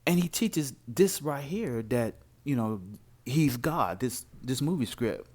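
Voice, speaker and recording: Animated man preaching with lively pitch. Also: slow. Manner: animated, emphatic, rhetorical questions. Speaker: religious commentator. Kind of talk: informal preaching to camera.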